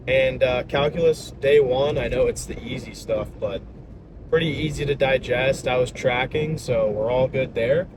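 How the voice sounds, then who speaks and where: A man's voice: mid-range voice, normal speed. A young man chatting casually in an upbeat, slangy, rambling way, talking straight to his viewers. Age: young adult. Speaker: vlogger and salesman. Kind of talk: casual vlog chat. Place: outdoors by a road. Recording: outdoor traffic noise.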